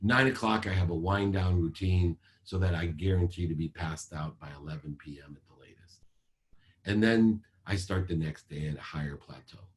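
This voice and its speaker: A man in his forties giving a motivational talk over a video call, measured and emphatic, ticking through points like a list. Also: low voice, a little hiss or hum. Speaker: motivational speaker.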